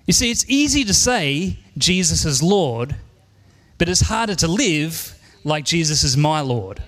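A man's voice: on the high side, big pitch swings, measured pace, fairly bright tone, long reverb tail. An Australian man in his forties preaching a sermon in church, earnest and emphatic, repeating his key lines. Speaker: pastor.

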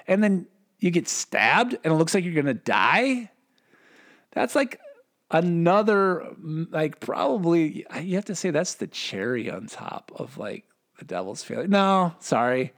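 A man teaching on scripture in a loose, conversational way. His voice sits somewhat high for a man, and he wanders, jokes, asks rhetorical questions and restarts his sentences as he talks. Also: big pitch swings, a little slow. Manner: rambling, joking, self-correcting, asks rhetorical questions. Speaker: Bible teacher. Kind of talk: casual Bible teaching.

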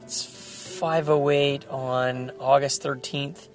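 A man's voice: medium pitch, steady tone, slow, faint music behind, poor audio. A man recording an earnest, reflective spiritual video diary, speaking prayerfully about his faith. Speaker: video diarist. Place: car.

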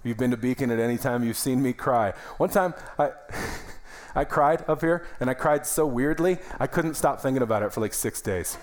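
A man's voice: mid-range voice, normal speed. A young adult man, a pastor, preaching a sermon in a church in a conversational, emphatic way with calls of amen. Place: church sanctuary.

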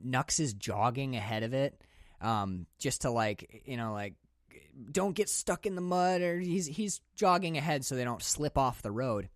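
Animated guy rambling about films. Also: mid-range voice, no echo, clean studio sound. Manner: rambling, excitable, swears freely, many fillers. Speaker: podcast co-host. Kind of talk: casual film discussion.

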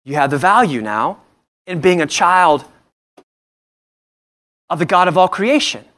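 A man with a high voice preaches a sermon in church. He is earnest and keeps asking his listeners questions, often repeating and restarting his phrases. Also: lively intonation, a little slow, a bit bright. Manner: earnest, asks the congregation many rhetorical questions. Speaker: pastor.

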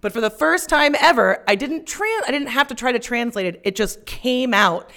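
A young woman telling a personal story on stage, profane and self-mocking, shouting out her punchlines. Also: fairly high pitch, animated, normal speed.

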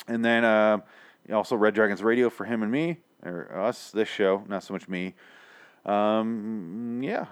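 A tired man hosting a podcast, ranting about an episode in a rambling, profane, exasperated way. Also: lowish voice. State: tired late at night. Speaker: podcast host. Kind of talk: casual podcast review rant.

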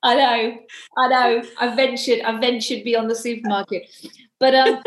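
Brief: female podcast co-host, fairly high voice, chatty storyteller, echoey room. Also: steady tone. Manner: chatty storyteller, quick asides. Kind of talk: casual faith discussion.

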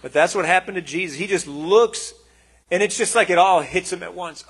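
A man's voice: sits high, brisk, fairly bright tone, husky. A man preaching a conversational sermon, earnest and emotional, with frequent restarts and asides.

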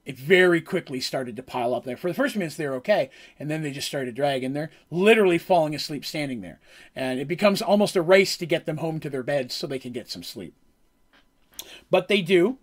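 A man casually recapping a tabletop game session as game master, rambling with fillers. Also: on the high side.

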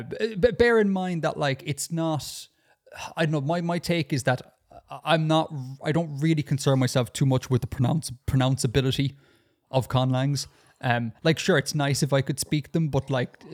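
A man's voice: mid-range voice, a little mellow. A man co-hosting a casual podcast discussion, talking in a chatty, hesitant way with frequent restarts and fillers. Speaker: podcast co-host.

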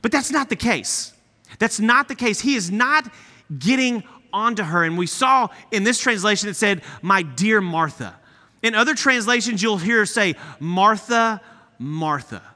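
A man giving a sermon as guest preacher, in an animated, emphatic and conversational way. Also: sits high, moderate pace. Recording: echoey hall.

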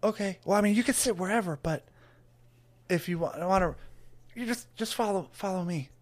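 A man's voice: high-pitched, moderate pace, pitched above the performer's own voice, natural voice. A man voicing a small, anxious young male tavern greeter who stammers and rambles when flustered. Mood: nervous.

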